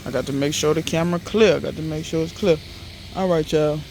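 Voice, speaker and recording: A man's voice: fairly high pitch, fast, darkish tone, a little hiss or hum. A man in a casual gardening vlog, chatty and emphatic, talking to viewers outdoors in his garden. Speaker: home gardener.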